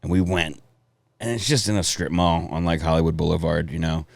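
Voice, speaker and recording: A man with a low voice tells long, rambling stories, swearing freely along the way. He speaks in casual podcast chat. The sound is dry and close to the mic. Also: fairly even intonation, a little fast, creaky, darkish tone, dry recording. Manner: rambling storytelling, laughs often, swears. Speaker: comedian guest.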